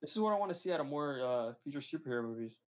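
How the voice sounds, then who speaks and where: A man co-hosting a podcast in casual chat, enthusiastic and talking in quick bursts. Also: medium pitch, expressive. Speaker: podcast co-host.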